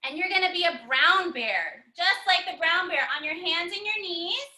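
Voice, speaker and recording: A woman's voice: very high-pitched, expressive, normal speed, bright, forceful tone. A young woman teaching a story-time yoga class for children in an encouraging, sing-song way, recorded on her computer's microphone. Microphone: computer mic.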